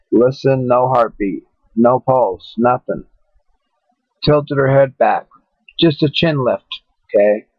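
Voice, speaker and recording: Man, middle pitch, rambling casual vlogger, restarts a lot, swears easily, tinny and dry webcam audio. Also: no room sound. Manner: halting, repeats himself, cusses casually. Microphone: webcam microphone.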